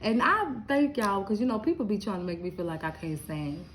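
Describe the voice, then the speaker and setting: A woman's voice: mid-range voice, a little fast, a little hiss or hum, poor audio. A middle-aged woman from Lubbock, Texas, chatting and laughing with her viewers in a casual live stream. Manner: chatty, animated, laughing, talks straight to viewers.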